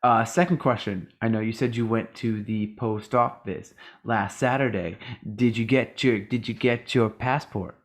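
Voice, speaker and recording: A man's voice: lowish voice, steady tone, measured pace, hardly any pauses. A tired man co-hosting a podcast, rambling in casual chat, swearing freely and acting out other people's lines. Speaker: podcast co-host.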